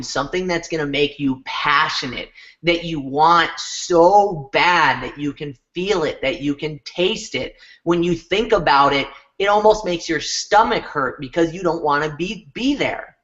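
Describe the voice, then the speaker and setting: A man speaking as a guest coach, retelling a coaching conversation in an animated way and often repeating words. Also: fairly high pitch. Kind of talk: motivational storytelling talk. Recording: dull lo-fi recording.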